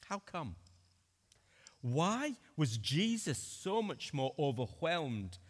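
Dramatic preacher in a reverberant church. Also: male voice, a little high, sing-song, slow, slightly rough. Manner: earnest, dramatic swings between loud and hushed. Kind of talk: sermon. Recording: long reverb of a church hall.

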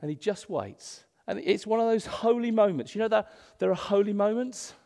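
A male pastor preaching a sermon in a church, animated, swinging between loud emphasis and hushed asides. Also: sits high, moderate pace. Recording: long hall reverb.

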